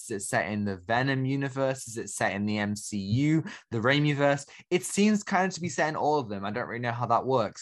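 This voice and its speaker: A young man co-hosting a film podcast in casual chat, talkative and incredulous, often laughing. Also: mid-range voice. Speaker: podcast co-host.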